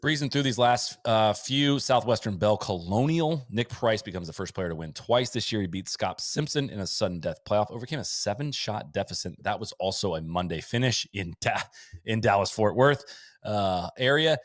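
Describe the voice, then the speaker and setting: Low-voiced man rattling off season stats. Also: lively intonation, no room sound, studio quality. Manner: rattles off lists of stats, quick asides and chuckles. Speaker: podcast host. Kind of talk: casual chat recapping a sports season.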